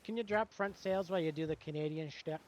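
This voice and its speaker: A woman's voice: low-pitched, quick pace, darkish tone, a little hiss or hum. A woman co-player making dry jokey remarks and requests during a game stream. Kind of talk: casual game-stream chat.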